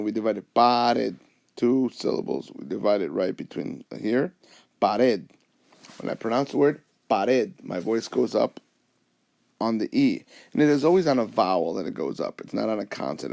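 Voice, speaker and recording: A man's voice: fairly low pitch, creaky, a little mellow, no echo, clean studio sound. A man teaching a Spanish lesson over a whiteboard, explaining patiently step by step and switching between English and Spanish.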